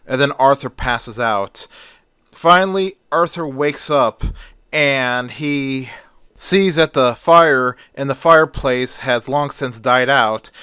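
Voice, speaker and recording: A man's voice: medium pitch, bright, forceful tone, smooth, no echo, studio quality. A man casually retelling a story, chaining events with "and then".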